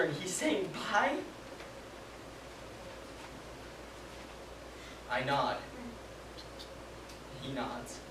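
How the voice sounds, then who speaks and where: Haunted young private, actor doing it, stage monologue, halting and hushed then yelling, echoey room, far mic, noisy. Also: medium pitch, lightly acted. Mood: quiet, grieving. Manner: hushed and halting, breaking into frantic shouting. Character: young private haunted by sparing an enemy prisoner. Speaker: soldier recounting a war memory.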